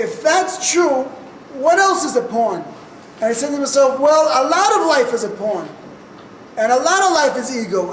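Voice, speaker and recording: High-voiced man telling a story, echoey room. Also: slight background noise. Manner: vivid first-person storytelling, short punchy sentences, wry humor. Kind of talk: live personal storytelling. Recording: echoey room picked up from a distance.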